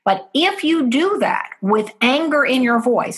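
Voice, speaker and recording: A woman's voice: sits high, very animated, a little slow, few pauses. A woman guest in an interview, earnestly explaining parenting steps and acting out what parents and children say.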